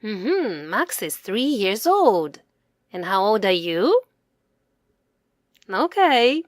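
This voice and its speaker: A woman reads a children's story aloud at a very slow, deliberate pace. Her voice swings up and down in a lively sing-song way, like someone reading to toddlers. The recording is dry and close, with no room sound. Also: medium pitch, dry recording. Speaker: storybook reader and author.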